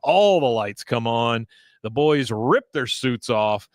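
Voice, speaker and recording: A man co-hosting a podcast, recapping a cartoon episode in an animated way, doing the characters' voices and laughing as he goes. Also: medium pitch, slow, no echo, clean studio sound. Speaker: podcast co-host.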